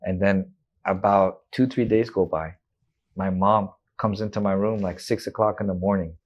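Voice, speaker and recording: A man's voice: low-pitched, fairly even intonation, normal speed, dull audio. A man in his thirties, a guest in an interview, candidly retelling a personal story with emotion and quoted dialogue.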